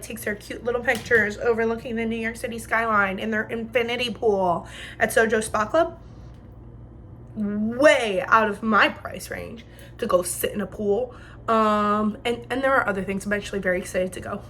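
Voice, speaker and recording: A young woman in her twenties from New Jersey chats away in her kitchen while she cooks. She tells her stories in loose slang, and her voice sits a little high. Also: a little hiss or hum. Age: 20s. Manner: chatty, slangy, animated retelling. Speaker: vlogger. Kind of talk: casual storytelling while cooking. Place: home kitchen.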